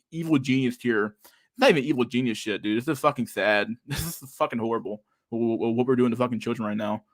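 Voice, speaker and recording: Guy ranting on his podcast, swears nonstop, says dude a lot, laughs a lot. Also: medium pitch. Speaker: podcast host. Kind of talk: casual ranting chat.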